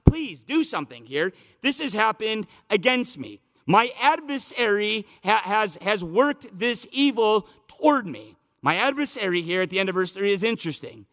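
High bright-voiced preacher in an echoing hall. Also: male voice. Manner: teaching, conversational, builds to emphatic repetition. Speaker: pastor. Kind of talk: expository sermon.

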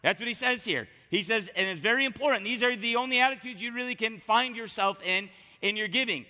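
A man preaching a sermon as a pastor, talking in a conversational, animated way with frequent restarts. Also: high voice, brisk, long reverb tail.

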